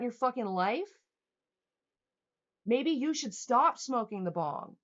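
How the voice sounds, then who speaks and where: A woman's voice: on the high side, lively intonation, takes it slowly, long pauses, a bit bright. A young woman livestreaming, ranting angrily at her chat in a heated, profane, sarcastic way. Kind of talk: angry livestream rant reading chat. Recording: dull lo-fi stream audio.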